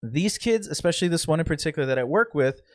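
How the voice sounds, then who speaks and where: Young podcast guy, kinda high voice, firm, explains stuff point by point. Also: lively intonation, fast. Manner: emphatic, lays out points step by step. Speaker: podcast co-host. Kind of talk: casual group chat.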